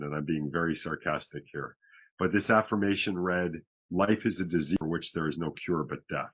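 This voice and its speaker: A man's voice: low voice, moderate pace, a bit bright, husky, dull audio. A middle-aged man from Canada, a podcast guest, telling his own story frankly with wry, self-deprecating humor. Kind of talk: candid personal storytelling.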